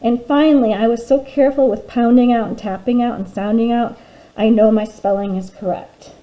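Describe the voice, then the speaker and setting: A woman teacher giving a phonics lesson to young children, sounding out words slowly and clearly and encouraging them warmly. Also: on the high side, steady tone, low-quality recording. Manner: warm, encouraging teacher talk.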